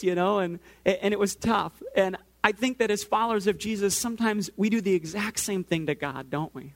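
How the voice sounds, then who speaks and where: Male pastor, 30s, higher register, relaxed storytelling sermon. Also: a little fast, few pauses. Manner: conversational, storytelling, talks to the audience directly.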